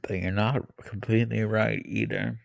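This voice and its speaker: Skeptical male co-host, low gravelly voice, dry close sound, deadpan disagreement. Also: moderate pace, no room sound, lo-fi sound. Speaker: podcast co-host. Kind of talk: casual movie review chat.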